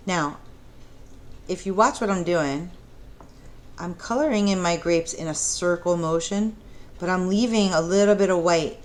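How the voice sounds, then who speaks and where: Low-voiced woman teaching kids art. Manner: gentle, encouraging, asks the kids questions. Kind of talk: art lesson for young children.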